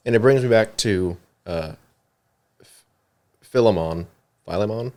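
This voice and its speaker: A young man with a lowish voice chats on a church podcast. He talks in a relaxed, rambling way full of fillers and turns his thoughts into questions for his co-host. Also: unhurried. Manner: conversational, many fillers, asks questions. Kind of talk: casual podcast discussion.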